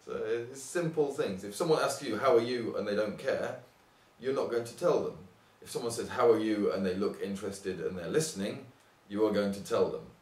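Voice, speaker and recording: A young man from England teaching an informal English lesson, acting out example phrases with big jumps in pitch. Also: moderate pace, a little mellow. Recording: roomy sound, mic at a distance.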